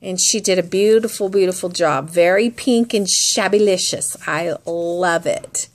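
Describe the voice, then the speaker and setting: Woman, crafting vlogger, casual chat, slow unhurried delivery, admiring and chatty. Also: lowish voice.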